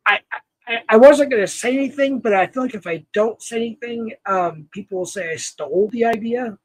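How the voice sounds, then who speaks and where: High-voiced man hosting a livestream. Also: brisk, dry recording, low-quality recording. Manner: rambling, thankful, laughs often, trails off with fillers. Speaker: livestream host. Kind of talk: casual livestream chat.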